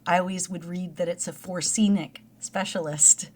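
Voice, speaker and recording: Chatty Canadian woman, lowish voice. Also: fairly even intonation, a little fast. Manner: chatty, laughs often, storytelling. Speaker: podcast co-host. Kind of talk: casual chat.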